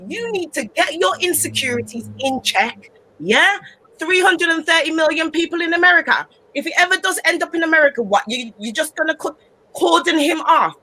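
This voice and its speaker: A woman's voice: extremely high pitch, brisk, bright, forceful tone, rough recording. A woman on a casual panel discussion, talking emphatically and ranting about a couple.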